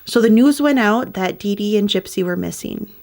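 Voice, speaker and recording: A woman's voice: medium pitch, animated, moderate pace, creaky, darkish tone. A woman narrating a true crime story in a casual, conversational way, with wry asides.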